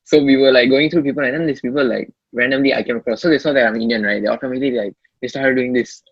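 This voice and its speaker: A man's voice: mid-range voice, rapid-fire, breathy edge, no echo, muffled recording. A young man from Singapore with a Singaporean English accent, telling stories in a casual podcast chat and dropping "lah". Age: young adult. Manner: animated storytelling, uses "lah". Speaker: podcast co-host.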